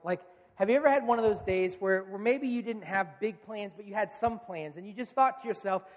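A male pastor in his thirties preaching a sermon in a relaxed, conversational storytelling manner, acting out quoted lines. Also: high-pitched, brisk, big-room sound.

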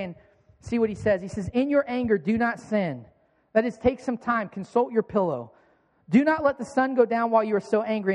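A man's voice: very high-pitched, a little mellow. A man in his thirties, a pastor, giving a conversational sermon with rhetorical questions. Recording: long hall reverb.

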